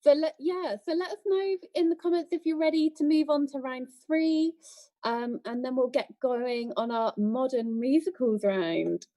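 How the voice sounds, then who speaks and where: A high yet mellow woman's voice. She chimes in briefly and nudges the quiz on to the next round in a friendly way. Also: normal speed. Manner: friendly, brief interjections, moves the show along. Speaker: quiz co-host. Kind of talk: casual online quiz hosting.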